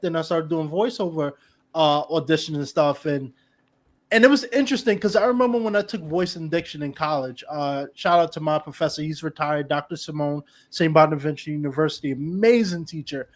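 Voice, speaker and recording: A man's voice: fairly high pitch, fairly quick. A man hosting a podcast, chatting casually and animatedly with his guest, often restarting his sentences. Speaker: podcast host. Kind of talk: casual interview chat.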